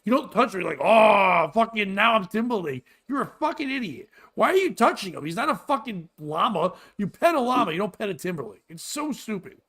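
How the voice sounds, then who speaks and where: A man in his forties, a podcast host, ranting crudely and loudly in comedic chat. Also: sits high, fast, hardly any pauses, breathy edge. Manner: profane, loud, animated ranting.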